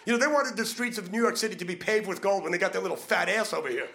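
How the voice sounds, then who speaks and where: A man's voice: high voice, racing, gravelly, sharp tone. A man doing a crude, brash stand-up comedy set, punching his lines.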